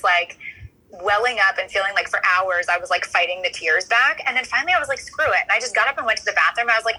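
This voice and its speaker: A woman guest on a podcast, telling her story in an earnest, animated way. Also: on the high side, husky, poor audio. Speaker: coaching client and guest. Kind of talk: casual podcast interview.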